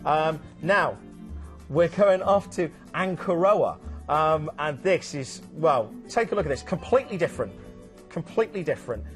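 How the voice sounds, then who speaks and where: Man, cruise TV presenter, a bit high-voiced, chatty with lots of ums, music faintly behind. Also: lively intonation, normal speed. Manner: chatty, many ums and restarts. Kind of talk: enthusiastic travel sales chat.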